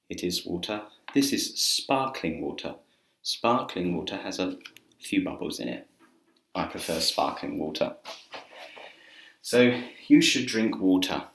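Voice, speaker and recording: A man teaching an English grammar lesson in a relaxed, chatty way with filler words, speaking to camera indoors. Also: sits low. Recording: roomy echo.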